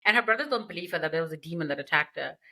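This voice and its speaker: Lady chatting thru a book plot, lots of asides and slang, kinda low voice. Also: animated, racing, bright, forceful tone, poor audio. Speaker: podcast host. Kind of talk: casual book recap.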